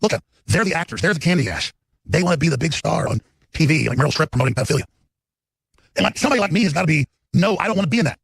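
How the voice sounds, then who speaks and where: Gravelly, fast-ranting male talk host. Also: on the high side, sing-song, no room sound. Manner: ranting, emphatic, rambling. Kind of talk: unscripted live monologue.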